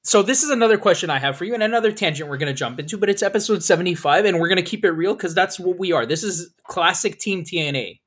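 A man's voice: high voice, animated, fast, few pauses, fairly bright tone, slightly rough. Male podcast host, casual and rambling, swears freely, laughs through his own stories.

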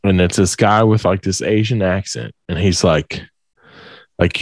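A man's voice: low voice, unhurried, no room sound, clean studio sound. Laughing man telling a story. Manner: animated, profane, laughs through his stories. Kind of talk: casual storytelling chat.

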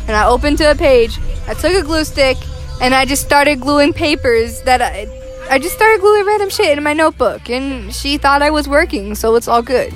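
A woman's voice: high-pitched, animated, moderate pace, faint music behind. A teenage girl on a bus telling a rambling, profane story in casual chat as a student podcast co-host.

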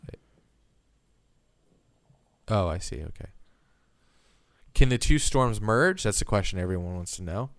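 A young man co-hosting a podcast, reading news aloud and then breaking off into crude jokes. His voice sits fairly low, and the sound is close and dry. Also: lively intonation, a little slow, pauses often, no echo. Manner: crude, joking, reads news stories aloud with asides. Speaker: podcast co-host.

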